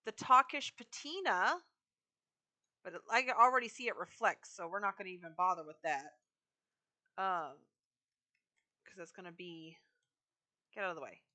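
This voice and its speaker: A woman's voice: on the low side, lively intonation, normal speed, long pauses, bright, forceful tone. A woman live streaming a video game, chatting casually with her viewers while she decorates.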